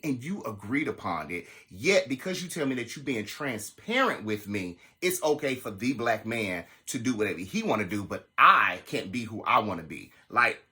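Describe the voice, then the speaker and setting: A man telling a personal story to his viewers in a casual, animated and profane way. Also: medium pitch. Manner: animated, profane, dramatic retelling.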